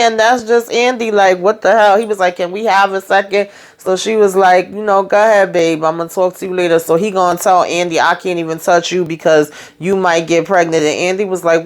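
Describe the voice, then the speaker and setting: A woman casually recapping a TV drama episode, retelling scenes as quoted dialogue with salty slang. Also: on the low side. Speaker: YouTube recap host.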